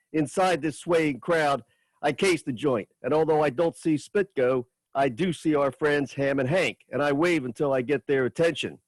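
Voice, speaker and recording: A man reading a chapter of his own novel aloud at a writers' open mic, in steady, measured first-person narration. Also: mid-range voice, no echo.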